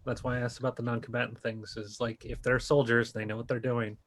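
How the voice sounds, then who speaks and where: A man's voice: medium pitch, level tone, fast. A man playing a tabletop game, arguing his point conversationally and often chuckling. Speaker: player. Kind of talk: casual tabletop game chat.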